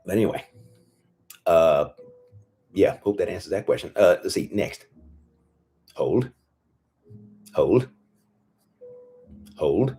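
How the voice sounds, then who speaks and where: A hoarse male farmer hosting a casual livestream Q&A, blunt and profane, rambling with lots of fillers. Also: sits low, normal speed, pauses often, warm tone, faint music behind. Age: adult with children. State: losing his voice, hoarse.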